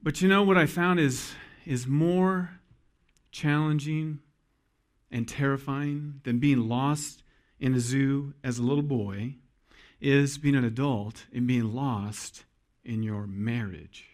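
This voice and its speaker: A man in his forties, a pastor preaching a sermon to his congregation in an earnest storytelling manner, pausing for emphasis. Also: medium pitch. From Iowa.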